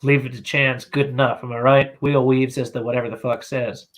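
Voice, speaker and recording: A man's voice: medium pitch, level tone, a little fast. A man co-hosting a podcast in casual chat, making crude, profane jokes and rambling with fillers. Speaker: podcast co-host.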